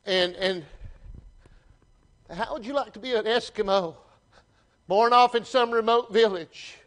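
A man with a Southern US accent preaching a sermon to his church, folksy and animated, often restarting his phrases. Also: high-pitched, a little slow. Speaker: pastor. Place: church sanctuary.

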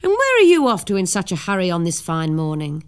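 A woman voicing a cheery, booming middle-aged man on a bicycle in a storybook reading, hearty and kindly. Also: wildly swooping pitch, brisk, clear, resonant tone.

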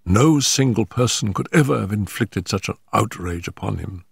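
An older man narrates a story in a low, measured voice with a grave, unhurried weight. The recording is close and dry, with no room sound. Every sentence is delivered with deliberate storytelling care. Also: animated, vocal fry, breathy edge, dry recording. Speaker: audiobook narrator. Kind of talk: scripted narration.

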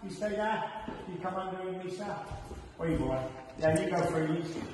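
A man, a coach directing participants through drills in a gym hall. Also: high voice. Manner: brisk, instructive. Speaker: boxing coach. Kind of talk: calling drills to a class. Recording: echoey distant hall with noise.

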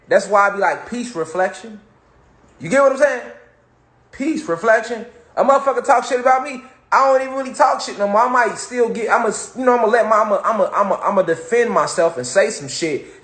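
A man's voice: high-pitched, a bit bright. A man giving a casual motivational monologue on spirituality, talking in street slang and repeating phrases for emphasis. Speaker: spiritual talk host. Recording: echoey room.

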